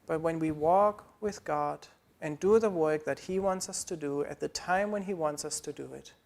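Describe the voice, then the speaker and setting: A man's voice: a little high, normal speed, vocal fry. A man preaching a sermon as pastor, earnest and pleading, building through repeated phrases.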